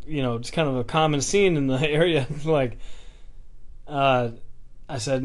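A man telling a personal story in a casual, halting way, with many fillers and restarts. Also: medium pitch.

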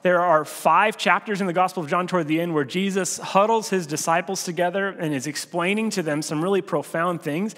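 A man's voice: high-pitched, fairly quick, hardly any pauses, a bit bright. Conversational man preaching in a reverberant hall. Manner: conversational, with filler restarts. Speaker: pastor. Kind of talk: sermon.

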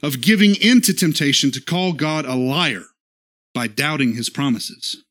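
A man preaching an earnest church sermon. He keeps checking in with the congregation with little "okay?" and "right?" asides. He slows down when he quotes scripture. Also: fairly high pitch, fairly bright tone. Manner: slows for scripture quotes, acts out short dialogue. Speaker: pastor.

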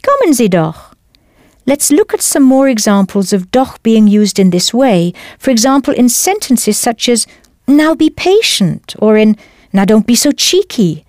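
Woman teacher for a studio language course; lively, encouraging delivery, dry booth sound. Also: a little high, measured pace, dry recording. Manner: clear, encouraging instruction. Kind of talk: scripted audio lesson.

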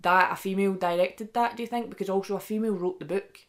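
A young woman co-hosting a casual film chat, talking fast and loose with lots of "like" and acted-out quotes. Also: medium pitch. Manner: chatty, heavy use of "like", animated quoting. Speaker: podcast co-host.

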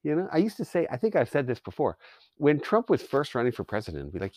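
In a dry, close recording with no room sound, a man from Canada rambles through a podcast rant, hopping between gripes. His medium-pitched, darkish voice swoops wildly in pitch as he talks fast, cursing liberally and laying on the sarcasm in this profane monologue.

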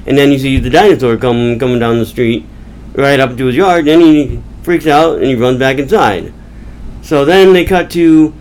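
A man's voice: medium pitch, darkish tone, poor audio. Podcast guy rambling thru a movie recap, chatty, slight hiss. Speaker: podcast host.

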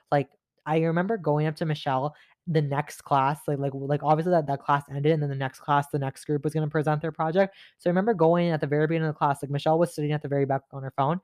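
A man's voice: on the high side, fast talker, no echo. Young man, vlog storytime, fired-up and ranty, filler-heavy, dry close sound. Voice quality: heavy filler 'like', frequent swearing. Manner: animated, exasperated, laughs mid-rant. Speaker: vlogger telling a story. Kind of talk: casual storytime monologue. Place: at home in front of a mirror.

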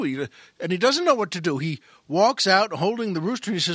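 A man tells a long comic joke in a high, bright voice that pushes forward with energy. He restarts phrases and calls out to the listeners as he goes. The sound is close and dry, like a studio. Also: fairly quick, no room sound. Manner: animated storyteller with frequent restarts. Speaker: comedian and podcast host.

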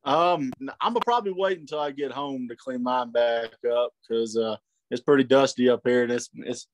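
A man's voice: medium pitch, normal speed, no room sound. Easygoing male guest, mid-range voice, dry close recording. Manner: laid-back, easygoing. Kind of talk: casual chat.

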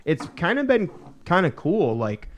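A man's voice: fairly high pitch, very animated, unhurried. Laid-back swearing man co-hosting. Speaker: podcast co-host. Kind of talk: casual comedy banter.

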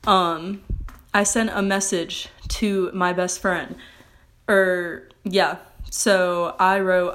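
A woman's voice: on the low side, flat delivery, extremely slow, a bit bright. A young woman with a slight lisp hosting a casual solo podcast, rambling and correcting herself with sarcastic asides. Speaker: podcast host.

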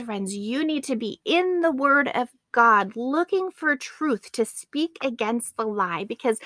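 A woman's voice: a little high, fairly bright tone, dry recording, clean studio sound. A woman in her late thirties hosting a faith podcast, earnest and addressing her listeners as friends. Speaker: podcast host.

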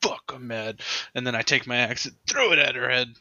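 A man with a very sharp, tense voice plays his character at a tabletop game. He is blunt and profane and rambles through half-finished thoughts. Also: medium pitch, quick pace, lo-fi sound. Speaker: player. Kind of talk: tabletop role-play.

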